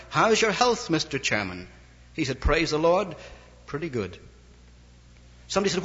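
A man's voice: fairly high pitch, a bit bright, breathy edge. A man preaching a sermon, telling anecdotes and acting out the dialogue of the people in them, in an old recording. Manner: storytelling, quoting others in dialogue. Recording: lo-fi old recording in a reverberant hall.

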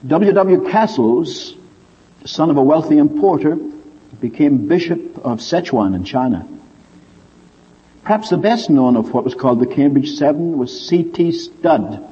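Male preacher, husky and animated, recorded lo-fi in a big echoing hall. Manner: lively storyteller with wide pitch swings. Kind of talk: sermon storytelling. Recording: dull lo-fi recording with long hall reverb.

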